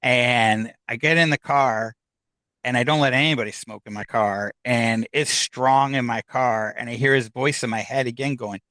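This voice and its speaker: A man's voice: mid-range voice, moderate pace, sharp tone, no room sound. A middle-aged man telling a personal story as a podcast guest, candid and rambling, with lots of "uh" and "um.". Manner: candid, rambling, full of fillers.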